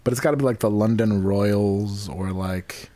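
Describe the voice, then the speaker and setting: A man's voice: lowish voice, moderate pace, warm tone, no echo. A man co-hosting a podcast in casual, rambling chat, joking and swearing freely. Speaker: podcast co-host.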